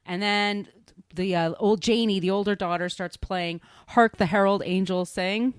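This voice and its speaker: Casting: mid-pitched woman host, chatty and rambling, dry studio sound. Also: fairly even intonation, moderate pace, clean tone, no room sound. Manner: chatty, rambling, laughing at herself. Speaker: podcast host. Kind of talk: casual movie recap.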